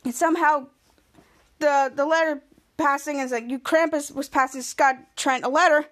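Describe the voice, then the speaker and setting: A woman podcast host recaps a TV episode scene by scene in a high-pitched, slightly bright voice with a steady tone. Her retelling is halting, full of restarts and cut-off, half-finished words.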